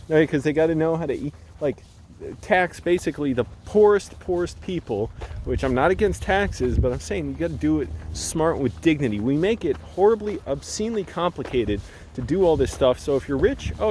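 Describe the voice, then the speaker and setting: A man's voice: a little high, darkish tone, slight background noise, poor audio. A young man vlogging outdoors on a hillside while walking, rambling and swearing freely in a casual rant.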